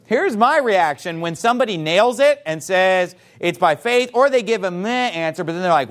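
A man's voice: high-pitched, moderate pace, few pauses. A man teaching church members how to talk with people about salvation, acting out their replies in varied voices. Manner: animated, acts out quoted replies in varied voices.

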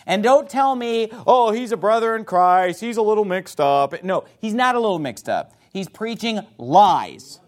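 A man playing a fiery pastor in full sermon, his pitch leaping and dropping as he hammers each point. He quotes old scripture and condemns false teaching with blunt, rising conviction. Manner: animated pitch swings for emphasis.

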